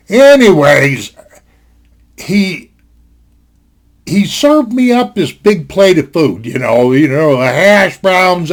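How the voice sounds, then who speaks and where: A man telling a personal story to camera from his home in a rambling, folksy way, full of fillers and restarts. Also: high-pitched. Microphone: desktop computer mic.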